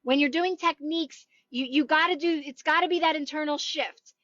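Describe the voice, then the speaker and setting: A woman's voice: sits high, normal speed, sharp tone, no echo, muffled recording. A woman manifestation coach chatting on a livestream from home, earnest and encouraging, often repeating herself. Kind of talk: livestream chat.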